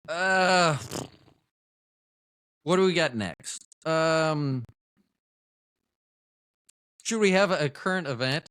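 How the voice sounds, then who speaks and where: A man chatting through a solo podcast, his pitch swinging up and down as he rambles. He keeps cutting himself off and trailing away, tossing in offhand cursing and jokes. The recording is dry and close. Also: fairly bright tone, no echo. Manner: rambling, self-interrupting, trails off mid-thought; profane, offhand humor. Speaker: podcast host. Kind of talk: casual solo podcast chat.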